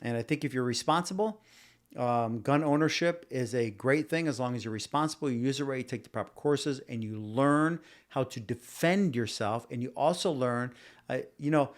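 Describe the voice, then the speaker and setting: A man with a medium-pitched voice hosts a casual opinion podcast at a moderate pace. He rambles, circles back on himself, and stumbles over repeated words while arguing his point, addressing the people watching live directly.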